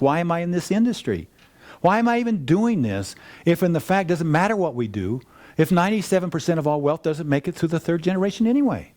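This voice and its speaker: Fast-talking older man telling stories. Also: a little high. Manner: rambling, animated, with restarts and asides. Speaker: wealth planning firm founder. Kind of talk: casual storytelling talk to an audience.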